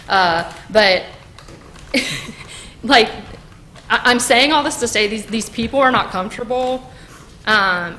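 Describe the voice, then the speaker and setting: A woman's voice: mid-range voice, a bit bright, slight background noise. A woman giving heated public comment at a city council meeting, with many fillers and restarts as she addresses the council directly. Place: council chamber.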